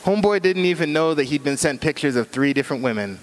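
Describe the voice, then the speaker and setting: A man's voice: on the high side, lively intonation, fast talker, big-room sound. A middle-aged man giving a casual, joking talk on internet safety, full of slang. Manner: chatty, joking, uses slang. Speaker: speaker at a cyber safety talk.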